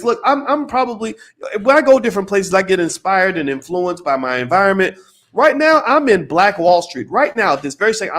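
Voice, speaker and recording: An American man giving casual video commentary, animated and emphatic, firing off rhetorical questions and repeating his points. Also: high-pitched.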